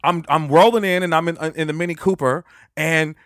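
A man's voice: a little fast, no room sound, clean studio sound. A man hosting a podcast and telling a long story casually, frank and profane, laughing as he talks. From Los Angeles. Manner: animated, swings into loud high-pitched quoted voices. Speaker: podcast host.

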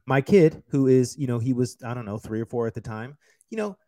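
An American chef chatting on a podcast with heated, profane energy. His voice leaps up in pitch and volume when he gets worked up, then drops back to a low grumble. The sound is dry and close, with no room echo. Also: fairly quick. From United States. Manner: animated, profane storytelling with loud outbursts. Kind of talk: casual podcast chat.

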